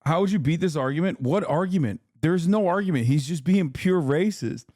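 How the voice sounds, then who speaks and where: A man hosting a livestream, reacting to clips with blunt, profane, rapid-fire ranting. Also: on the high side, lively intonation, dark tone, dry recording, clean studio sound. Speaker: livestream host. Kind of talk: streamer commentary.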